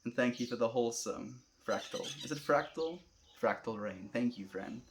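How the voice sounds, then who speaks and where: A young South African man livestreams in a calm, unhurried, laid-back voice with a middle-range pitch for a man. He easily answers each chat message and warmly calls viewers friend, with a little hiss or hum in the audio.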